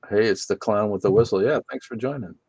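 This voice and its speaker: A man's voice: on the low side, quick pace, gravelly, darkish tone, slightly rough, dry recording. A man hosting a casual livestream from his room, reading viewer comments aloud and answering them with sarcastic, profane jokes. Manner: sarcastic, joking, swears freely.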